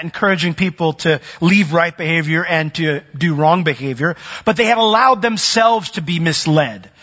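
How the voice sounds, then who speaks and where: Pastor guy preaching, bright tense voice, gets loud then drops real quiet. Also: dull audio. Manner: swings from loud emphatic peaks to soft low asides. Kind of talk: sermon.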